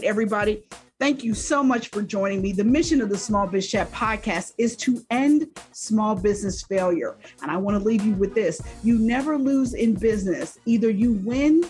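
A woman hosting a business podcast in casual interview chat, upbeat and quick to laugh. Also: mid-range voice, a little mellow, soft background music. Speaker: podcast host.

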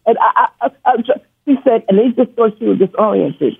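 A man's voice: extremely high pitch, lively intonation, brisk, gravelly, breathy edge. A man from New York calling into a radio show, stuttering and rambling emotionally through a story about his family. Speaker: caller. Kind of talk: call-in storytelling. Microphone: phone. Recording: tinny phone line.

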